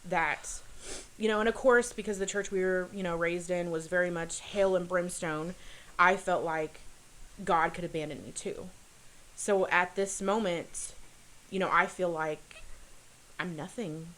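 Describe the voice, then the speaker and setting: Halting, earnest woman, low-pitched. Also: fairly even intonation, a bit bright, rough recording. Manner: halting, heavy with fillers and restarts; earnest, confessional. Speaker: podcast guest. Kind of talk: personal storytelling.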